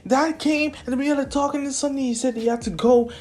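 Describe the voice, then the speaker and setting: A nervous young boy, his voice pitched well above the teller's own and breaking into quick, stammering questions, as a man puts him on. The delivery is casual, like a fan retelling a story out loud. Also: fairly even intonation. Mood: anxious. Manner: high, pleading, stammering. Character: anxious young boy hero, high-strung.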